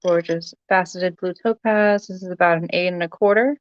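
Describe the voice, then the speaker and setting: A woman's voice: lowish voice, fairly even intonation, normal speed, no echo, dull audio. A woman selling jewelry on a casual livestream, chatting with viewers by name with lots of ums. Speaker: live-sale jewelry seller.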